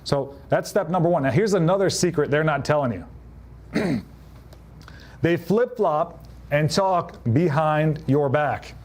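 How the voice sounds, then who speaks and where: A man's voice: a little high, slow. A man coaching real estate agents in a live talk, punchy and direct, acting out what clients say. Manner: punchy, acts out quoted clients in changed voices. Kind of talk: live motivational business talk.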